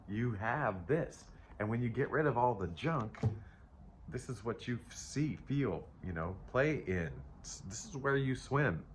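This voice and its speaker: Low-voiced guy doing a chatty tarot reading, rambles and stumbles, bit of faint hiss behind. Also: a bit bright. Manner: rambling, self-interrupting, playful asides. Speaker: tarot reader. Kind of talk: casual spiritual tarot reading.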